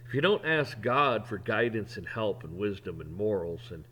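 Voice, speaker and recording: A man's voice: on the low side, animated, normal speed, pushed and bright, breathy edge. A man hosting his own opinion show, ranting bluntly with profanity and repeated restarts. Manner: repeats words and restarts when worked up. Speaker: podcast host. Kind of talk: opinion rant.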